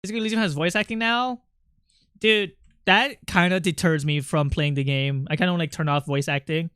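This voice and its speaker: A livestreamer chatting casually with viewers, rambling and excitable, jumping from topic to topic. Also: mid-range voice, a little fast, clear, resonant tone, no echo, clean studio sound.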